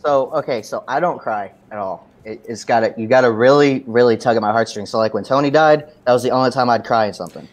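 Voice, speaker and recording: A man at a middle pitch on a casual review panel. He speaks haltingly, repeats words as he searches for them, and pokes fun at himself. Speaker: podcast panelist.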